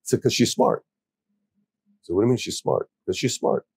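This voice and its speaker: A man's voice: medium pitch, very animated, moderate pace, gravelly, darkish tone, breathy edge. A man hosting a casual interview, rambling and repeating words as he searches for his point.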